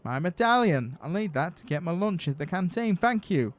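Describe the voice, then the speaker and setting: Gruff Yorkshire woman mechanic, loud and blunt, voiced by a man. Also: sits high, lively intonation, normal speed, voice pushed up. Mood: chatty. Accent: put-on Yorkshire. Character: gruff woman mechanic, irritable but kind.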